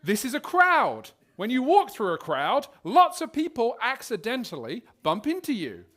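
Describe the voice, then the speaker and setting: A man's voice: very high voice, wildly swooping pitch, normal speed, a bit bright, voice pushed up, full character voice. A man voicing a fussy know-it-all male disciple who teases while explaining the obvious.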